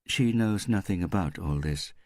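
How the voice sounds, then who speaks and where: A tired, subdued nun, voiced by a male reader who chooses her words carefully. The voice stays low and close, with a dry sound and no room around it. It carries an audiobook reading. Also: expressive, moderate pace, darkish tone, no room sound. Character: tired middle-aged American nun, gentle.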